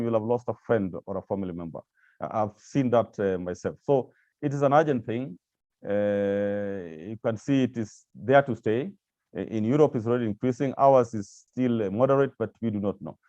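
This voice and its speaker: A man's voice: mid-range voice, dark tone, no echo, highs cut off. A man giving a presentation with slides to staff of agencies, speaking hesitantly with many repeated words and fillers. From Kenya.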